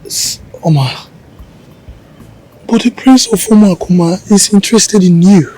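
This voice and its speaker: An actor playing a worried young man deeply in love in a film drama. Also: a little slow, dark tone, husky, poor audio. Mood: fearful. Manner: worried, pleading.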